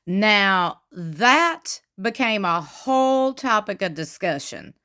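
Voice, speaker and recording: A woman giving chatty, gossipy commentary on a reality show, retelling what was said with lively emphasis. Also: mid-range voice, slow pace. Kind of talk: casual commentary.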